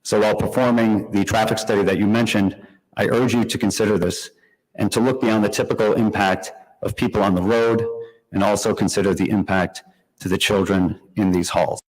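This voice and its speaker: Low-voiced man reading a formal statement. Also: fairly even intonation. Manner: measured, formal delivery. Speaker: school district representative. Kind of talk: reading a prepared public statement. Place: town meeting hall. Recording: long reverb in a meeting hall.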